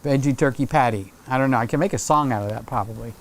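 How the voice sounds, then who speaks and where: An excitable, jokey man hosting a casual livestream from a home room, reading out viewer comments with lots of fillers and teasing. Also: mid-range voice, very fast. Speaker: livestream host. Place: home room with Christmas tree set.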